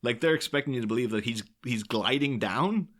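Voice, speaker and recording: A man's voice: mid-range voice, fairly quick, fairly bright tone. A man co-hosting a podcast in casual film-discussion chat, rambling and laughing often. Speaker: podcast co-host.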